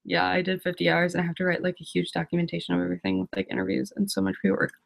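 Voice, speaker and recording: A woman's voice: lowish voice, little pitch movement, rapid-fire, gravelly. A teenage girl ranting on a live stream, exasperated and rambling, laughing often. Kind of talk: casual live-stream rant.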